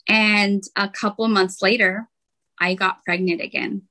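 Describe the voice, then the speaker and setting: A woman of middling pitch speaks as a podcast guest, telling a personal story in long, candid runs. Her delivery is animated and open, neither high nor low in tone. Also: a little slow, rough recording. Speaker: guest, intuitive healer.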